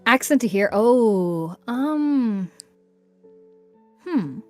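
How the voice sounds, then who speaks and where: A woman from Northern Ireland with a Northern Irish accent, a voice actor chatting as a guest on a livestream in an animated, talkative way. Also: a little high, very slow, no echo, soft background music. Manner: chatty, animated, laughs often. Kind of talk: casual chat on a livestream.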